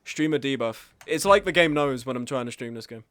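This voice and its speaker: During a casual gaming stream, this man vents with exasperated self-mockery about his bad luck and the other players. He speaks fairly quickly in an animated, mid-range voice with a fairly bright tone.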